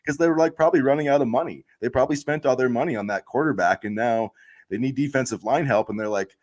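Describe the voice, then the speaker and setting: A man's voice: mid-range voice, quick pace. A man co-hosting a casual sports chat podcast, ranting heatedly with lots of filler words. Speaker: podcast co-host.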